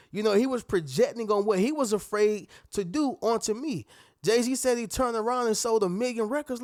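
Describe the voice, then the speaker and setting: Preachy man with a high, dry voice. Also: normal speed, no room sound. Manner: animated, preachy, calls out to his audience. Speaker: motivational speaker. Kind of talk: preachy motivational talk.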